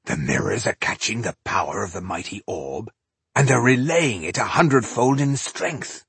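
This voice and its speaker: A man's voice: fairly low pitch, animated, moderate pace, creaky, fairly bright tone, breathy edge, no room sound, heavily acted. A man voicing a proud male dwarf warrior leader, speaking with amazed admiration in a storybook reading.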